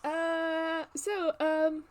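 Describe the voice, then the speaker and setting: A woman running a tabletop game as game master, relaxed and full of fillers. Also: very high voice, extremely slow, background noise. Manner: laid-back, filler-heavy.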